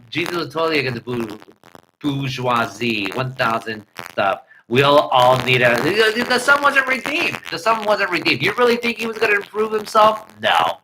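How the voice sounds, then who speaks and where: Sharp-voiced man ranting on a livestream. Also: a little high, a little hiss or hum, low-quality recording. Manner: animated, profane ranting. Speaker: livestream host. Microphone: headset earpiece mic.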